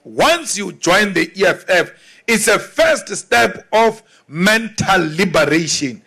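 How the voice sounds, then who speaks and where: A South African man giving an emphatic political speech to an audience, repeating his points with deliberate force. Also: sits high, lively intonation, gravelly, bright, forceful tone, husky.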